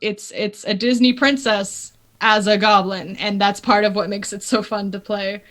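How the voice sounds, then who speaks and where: A woman with a Canadian accent, chatting casually and lively as a guest on a live stream. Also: medium pitch, moderate pace. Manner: lively, chatty, laughs often. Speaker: guest player.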